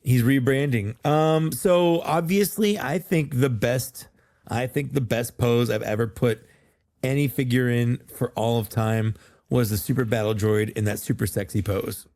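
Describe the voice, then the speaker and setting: A man co-hosting a podcast in relaxed, casual chat, loose and full of fillers and restarts. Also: medium pitch, a little slow, no room sound. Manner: laid-back, loose, many fillers and restarts. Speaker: podcast co-host.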